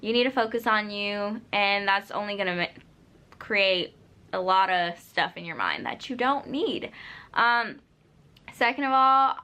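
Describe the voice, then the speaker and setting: A woman's voice: fairly high pitch, sharp tone, clear, resonant tone. A young woman vlogging, giving casual, unscripted advice straight to camera, full of "like" and "you know". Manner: earnest, direct advice-giving.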